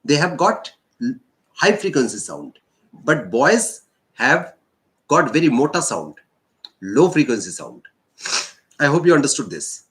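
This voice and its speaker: A male teacher with an Indian English accent, slowly explaining a physics lesson and repeating key points. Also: mid-range voice, big pitch swings, a bit bright. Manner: slow, repetitive explaining. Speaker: science teacher.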